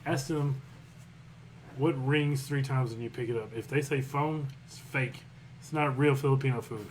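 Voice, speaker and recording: A man co-hosting a podcast in casual chat, joking in a deadpan way. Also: mid-range voice, moderate pace, poor audio. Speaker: podcast co-host. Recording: faint background noise.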